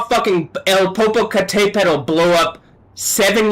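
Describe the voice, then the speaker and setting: A man on a live stream, talking alone in an agitated, profane rant that swings between low muttering and yelling. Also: a little slow. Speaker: livestreamer.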